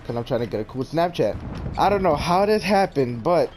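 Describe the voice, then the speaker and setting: A young man with a slightly high voice tells a casual story time, rambling and often restarting his sentences. The recording carries a steady layer of noise behind him. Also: fairly quick. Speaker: vlogger. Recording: noisy background.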